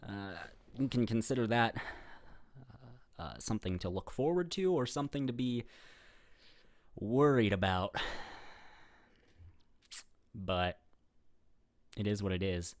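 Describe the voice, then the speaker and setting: A young man speaks in a lowish, animated voice, a little slow and with long pauses, while hosting a casual Q&A vlog. As a YouTuber answering viewer questions, he rambles with fillers and restarts and laughs at his own remarks. The studio-quality audio has no room sound and comes from a webcam setup facing the camera.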